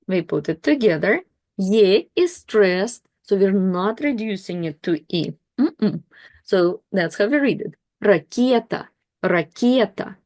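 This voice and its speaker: A woman's voice: medium pitch, a little mellow, no echo. A woman teaching reading, spelling out letters and repeating each word three times. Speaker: Russian language teacher. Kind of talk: slow pronunciation lesson.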